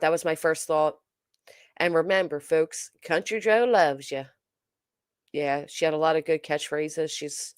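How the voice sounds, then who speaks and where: In a dry, studio-quality recording, a woman with a low, clear, resonant voice hosts a casual commentary livestream. Chatty yet hesitant, she reads viewers' comments aloud and answers them, often saying um and uh.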